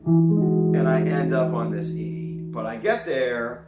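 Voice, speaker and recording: A man's voice: mid-range voice, slow. A man teaching jazz guitar in a casual, chatty way, full of puns and playful asides. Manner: playful, punny, chatty asides between examples. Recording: roomy sound with loud guitar playing.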